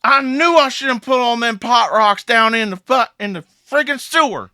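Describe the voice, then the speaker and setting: A man voicing a rowdy male yokel in a loud, folksy, put-on Southern US drawl. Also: very high-pitched, moderate pace, no room sound, clean studio sound, pitched above the performer's own voice, heavily acted.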